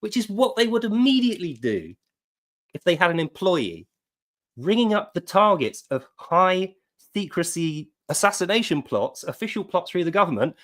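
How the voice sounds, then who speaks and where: A man's voice: high-pitched, sing-song, moderate pace, fairly bright tone. A man giving mocking, incredulous commentary as an online commentator. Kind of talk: sarcastic commentary rant.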